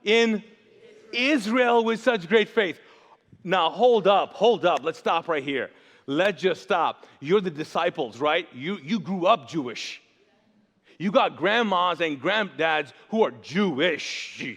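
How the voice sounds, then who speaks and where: A pastor preaching a sermon in a church, animated and jokey, often asking the audience to fill in words. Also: male voice, on the high side, takes it slowly, vocal fry, breathy edge. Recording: long church reverb.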